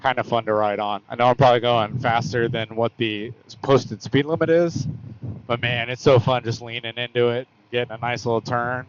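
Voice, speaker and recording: A man's voice: mid-range voice, normal speed, clear, resonant tone, lo-fi sound. A man chatting casually while riding a motorcycle, rambling and correcting himself with plenty of fillers. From United States. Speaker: motorcycle vlogger. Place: on a motorcycle on open roads.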